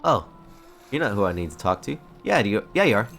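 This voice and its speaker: Young male streamer, low voice, very lively delivery, faint music underneath. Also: fast, creaky. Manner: playful, reads quest text aloud. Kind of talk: casual live-stream commentary.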